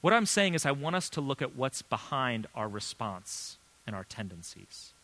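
Bright-voiced man preaching earnestly. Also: medium pitch, sing-song. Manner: earnest, conversational preaching with emphatic pauses. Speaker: pastor. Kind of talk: sermon.

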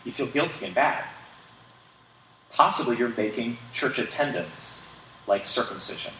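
A man's voice: mid-range voice, animated, normal speed, fairly bright tone, slight background noise. A man preaching a sermon as pastor, earnest and emphatic, posing rhetorical questions to the congregation. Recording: echoey room, distant mic, faint ambience.

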